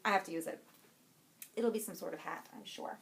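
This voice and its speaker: A young adult woman co-hosting a podcast, chatting casually and excitedly about yarn she bought, rambling and breaking off her own sentences. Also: mid-range voice, fairly quick, gravelly, slight background noise. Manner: bubbly, rambling, self-interrupting. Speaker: podcast co-host.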